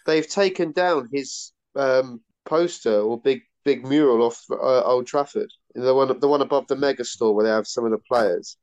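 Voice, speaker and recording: A man's voice: medium pitch, normal speed, few pauses, darkish tone, no room sound. Man, panelist, dry jokey delivery, muffled and dead-dry audio. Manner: dry, joking. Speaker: podcast panelist. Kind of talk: casual chat among friends.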